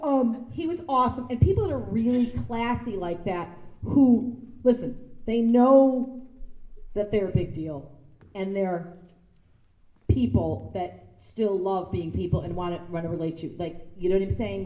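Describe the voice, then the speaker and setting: A woman telling lively anecdotes as a guest speaker, acting out other people's voices. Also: medium pitch. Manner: animated storytelling, acting out voices with laughter. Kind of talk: anecdotal speech to an audience. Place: large sound stage before an audience. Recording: echoey room.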